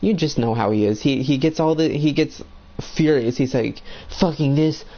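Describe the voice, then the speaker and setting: A man's voice: mid-range voice, moderate pace, mellow, muffled recording. A young man ranting bluntly about friends while playing a video game, swearing a lot in a heated, agitated way.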